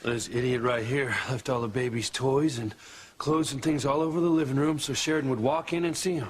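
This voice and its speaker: A man's voice: medium pitch, steady tone, fairly quick, slight background noise, lightly acted. An actor playing an angry man in a soap opera, berating another man. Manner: angry, accusing. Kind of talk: daytime soap opera acting.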